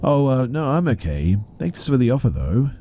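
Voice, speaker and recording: A man's voice: mid-range voice, very animated, normal speed, slight background noise, pitched above the performer's own voice. A man putting on a creepy sing-song woman passenger. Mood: eerie coaxing. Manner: sing-song, eerily soft.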